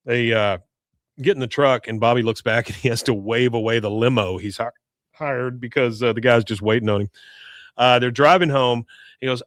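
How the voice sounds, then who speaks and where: A man with a mid-range voice recaps a cartoon episode for a podcast, jumping into quoted lines and laughing as he goes. The sound is dry and close to the mic, with no room around it. His talk is loose and lively. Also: mid-range voice, normal speed, no room sound. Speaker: podcast co-host. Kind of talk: casual recap chat.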